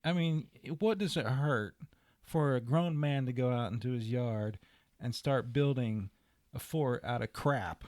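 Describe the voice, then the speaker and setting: A man, co-hosting a podcast, relaxed and reflective with easy laughs. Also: medium pitch, unhurried, no echo, clean studio sound. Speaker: podcast co-host. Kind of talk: casual chat.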